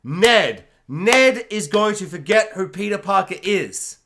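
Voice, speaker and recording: A young man co-hosting a casual podcast chat over a video call, excitable and jokey, shouting and swearing as he riffs. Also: high voice, measured pace, a little hiss or hum. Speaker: podcast co-host. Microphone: webcam and mic on a video call.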